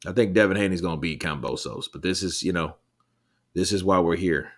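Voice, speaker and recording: A man hosts a live boxing stream, talking casually to his viewers. His voice sits very low and deep. He rambles, swears freely and answers the chat between thoughts. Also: brisk. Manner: loose, rambling, swears, laughs often. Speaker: livestream host reading chat.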